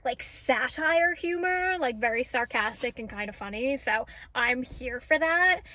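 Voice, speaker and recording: A young woman's high, bright-pitched voice spills through a casual book vlog. She gushes and gets carried away, peppering her chat with "like" and "oh my God". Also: normal speed. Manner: gushing, excitable, lots of "like" and "oh my God". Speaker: book vlogger.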